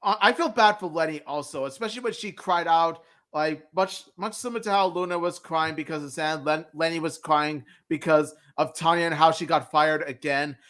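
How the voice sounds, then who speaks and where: Man, fairly high voice, bright and sharp, wry casual review chat. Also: moderate pace, hardly any pauses. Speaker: co-host.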